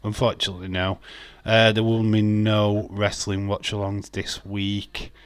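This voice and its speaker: Man, live-stream host, teasing and jokey, lowish voice, dry close sound. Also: completely flat delivery, unhurried, clean tone, no echo. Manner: jokey, teasing, laughs often. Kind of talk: casual live-stream chat, reading chat aloud.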